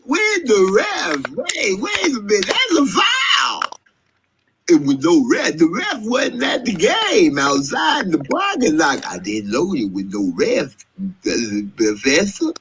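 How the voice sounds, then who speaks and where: Brief: dim, giggly college hooper, slow-talking, very animated pitch. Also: male voice, raised voice, noisy background, exaggerated voice. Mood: excited. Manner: giggles between phrases, slow loose drawl. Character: goofy giggling young male college basketball player. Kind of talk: TV drama scene.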